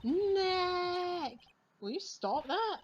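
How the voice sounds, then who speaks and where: A woman's voice: fairly high pitch, sing-song, unhurried, slight background noise. A woman doing a bossy perky girl sidekick. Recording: dull lo-fi audio, faint game music.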